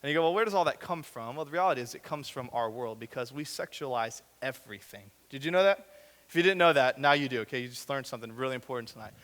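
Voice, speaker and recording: A man's voice: medium pitch, fast talker. A young man giving a casual, joking sermon to young adults and an audience in a large hall. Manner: joking, conversational, with animated voiced asides. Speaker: young adult ministry director. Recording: long hall reverb.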